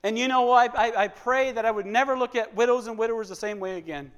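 A man preaching a sermon to his congregation, emotional and repetitive, swinging between loud passages and hushed ones. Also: very high-pitched, fast talker, smooth. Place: church. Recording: church hall with long reverb.

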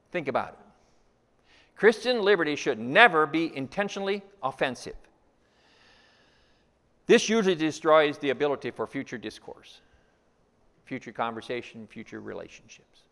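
A man preaching a sermon as pastor, repeating key lines and asking rhetorical questions, swinging between loud emphasis and hushed asides. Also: medium pitch. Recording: long reverb of a large hall.

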